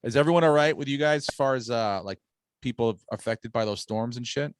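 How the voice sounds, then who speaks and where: A man's voice: medium pitch, brisk, clear, resonant tone, no echo. Middle-aged male podcast host, profane storyteller, dry close sound. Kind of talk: casual podcast chat. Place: home on Long Island, New York.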